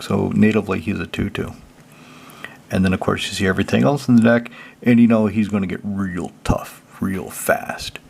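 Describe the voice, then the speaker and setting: A man hosting his own channel, reading out card text and then explaining it in a relaxed, chatty way. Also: on the low side, vocal fry, slightly rough. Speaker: channel host. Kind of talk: casual card deck walkthrough.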